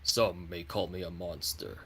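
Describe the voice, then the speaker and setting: A man's voice: low-pitched, fairly even intonation, unhurried, sharp tone, a little hiss or hum. A man playing a scarred, undead-looking male adventurer who deadpans boasts about his strength. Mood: boastful.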